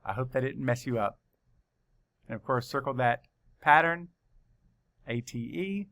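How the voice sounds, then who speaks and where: A man leads a children's spelling lesson at an unhurried pace, sounding out each letter carefully. His voice is bright and forward, with a measured, patient delivery. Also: mid-range voice. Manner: slow, deliberate letter-by-letter dictation. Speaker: teacher.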